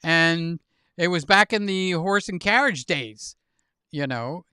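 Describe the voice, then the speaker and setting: Bright-voiced man telling jokes on a livestream. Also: a little high, slow, clean tone, no echo, studio quality. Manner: animated joke-telling, laughs at own jokes. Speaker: livestream host. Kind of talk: casual chat with guests.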